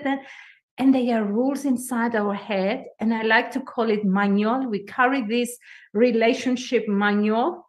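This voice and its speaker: A woman with a foreign accent appears as a guest coach on a podcast interview, animated and emphatic and laughing often. Her voice is on the high side and she talks at normal speed.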